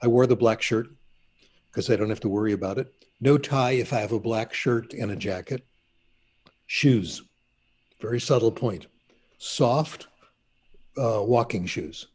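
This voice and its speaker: A man's voice: medium pitch, a little slow, long pauses, a little mellow, breathy edge. An older man, a linguist being interviewed, telling anecdotes in a chatty, casual way. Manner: chatty anecdotal storyteller, laughs at himself. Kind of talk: casual storytelling.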